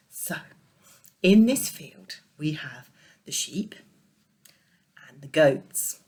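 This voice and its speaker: A woman leading junior church, telling a children's Bible story with puppets in a playful, animated way. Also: deep voice, very slow, pauses often.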